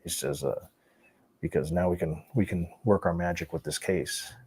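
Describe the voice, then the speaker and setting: A man with a low, husky voice recounts his past in an interview. He talks in an animated way, swearing freely and laughing through the tense parts. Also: normal speed. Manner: animated, profane, laughs while telling. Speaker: guest telling his life story. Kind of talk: storytelling interview.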